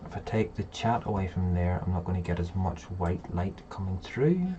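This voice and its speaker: Low-ish guy chatting to viewers on a stream, kinda rambly, muffled mic. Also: normal speed, noisy background. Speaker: livestream host. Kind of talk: casual live chat.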